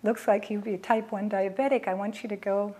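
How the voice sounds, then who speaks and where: A woman's voice: medium pitch, fairly even intonation, a little fast, dark tone. Earnest middle-aged woman telling a personal story. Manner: emotional, earnest, acts out past conversations. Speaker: mother telling her family's story.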